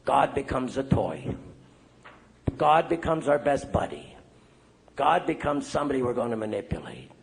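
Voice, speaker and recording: An older man, a priest speaking at a recovery meeting, telling lively stories and checking in with the crowd as he goes. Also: mid-range voice, normal speed, creaky, long pauses. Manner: lively storyteller, acting out quoted voices. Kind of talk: recovery meeting talk to an audience.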